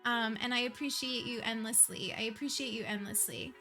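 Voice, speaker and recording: Female livestream host, casual, chatty, emotional, high bright voice. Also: steady tone, a little fast, faint music behind. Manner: gushing, chatty, laughs often. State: emotional, near tears. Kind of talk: casual chat with viewers.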